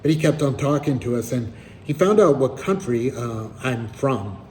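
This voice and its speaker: A man recounts a story in a relaxed, conversational way, with a dry, slightly wry edge. His voice sits at a middle pitch with a warm, mellow tone. A faint hum of noise runs behind him. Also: moderate pace, rough recording. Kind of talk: casual spoken storytelling.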